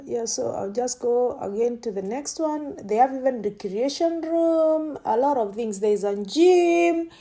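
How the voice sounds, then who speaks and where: A woman talks her way through a casual vlog, thinking aloud as she goes. Her voice sits on the higher side but sounds mellow and soft-edged, and she keeps breaking into exclamations of delight. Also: gravelly. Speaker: vlogger. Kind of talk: casual running commentary.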